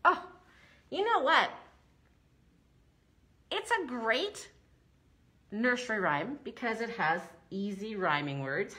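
A woman leading a preschool story time, reciting nursery rhymes slowly and encouragingly in a sing-song way. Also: fairly high pitch, very animated, bright, forceful tone. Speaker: children's librarian.

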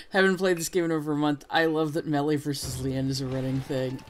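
A man's voice: fairly high pitch, a little hiss or hum. A man hosting a casual let's play, chatting about the game in a self-deprecating way. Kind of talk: casual gameplay commentary.

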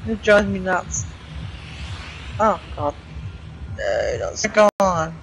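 A man's voice: sits high, big pitch swings, extremely slow, gravelly, long pauses, fairly bright tone, a little hiss or hum, poor audio. A man chatting casually while streaming a game, giggling often, from a car park. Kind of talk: casual gameplay commentary.

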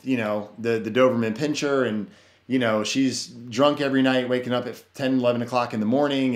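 A man telling his life story as a podcast guest, earnest and rambling, with many "you know" fillers and restarts. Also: medium pitch. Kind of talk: personal testimony in casual conversation. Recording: roomy echo.

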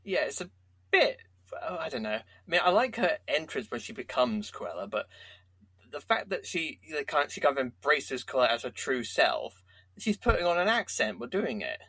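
A man's voice: mid-range voice, big pitch swings, moderate pace, bright, forceful tone, breathy edge, no room sound. A man co-hosting a film podcast, thinking aloud in a hesitant way. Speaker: podcast co-host. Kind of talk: casual film review chat.

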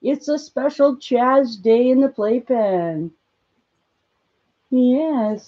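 A woman hosting a casual live stream, cooing at her pet in high baby talk between plain explanations. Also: very slow, pauses often, mellow, muffled recording.

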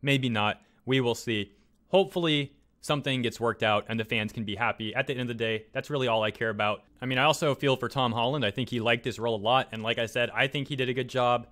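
A man with a bright, forward voice of middle pitch talks casually to his viewers. He reads posts aloud and adds relaxed, chatty remarks between them, with plenty of fillers. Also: fast. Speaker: YouTube commentator. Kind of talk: casual commentary reading tweets aloud.

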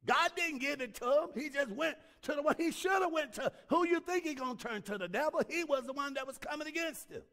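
A man preaching a sermon as pastor, emphatic, swinging from loud shouts to low asides and repeating words for emphasis. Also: animated, a little fast, hardly any pauses.

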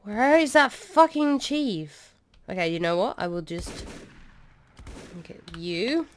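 Animated young woman gaming streamer. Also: medium pitch, slow pace. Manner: excitable, swearing, shouts orders at troops. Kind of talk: let's play commentary.

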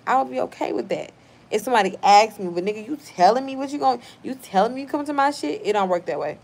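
A woman's voice: fairly high pitch, expressive, fast, gravelly, a little mellow. A woman hosting a casual livestream, reading viewer comments aloud and answering them in a blunt, profane, playful way. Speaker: livestream host.

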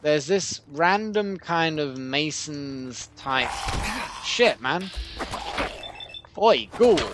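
A man giving casual commentary while playing a video game, chatty and prone to excitable outbursts and swearing. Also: a little high, extremely slow, faint music behind. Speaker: let's play gamer.

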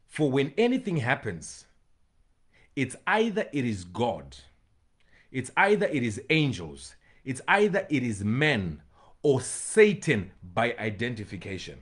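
A man preaching a sermon as pastor, swinging between loud shouts and hushed pleading, with bursts of tongues. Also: medium pitch, huge pitch swings, a little slow, breathy edge.

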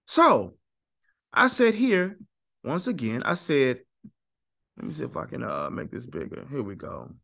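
A man's voice: on the high side, huge pitch swings, a little slow, creaky, pauses often, bright, forceful tone. A man giving heated talk-to-camera religious commentary, emphatic and sarcastic, repeating his points and speaking straight to viewers.

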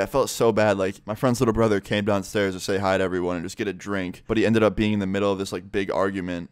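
A man's voice: on the low side, clear, resonant tone, dry recording, clean studio sound. A young adult man vlogger telling a story in a blunt, casual way, full of swearing and "like".

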